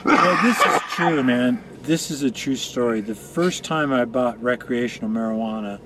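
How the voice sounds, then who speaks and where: Speaking at a moderate pace, this man has a medium-pitched, fairly bright voice, with a bit of background noise around him. He's a guest from Colorado on a casual talk show, spinning rambling, profane tales that keep veering off track, in a room where people are smoking weed.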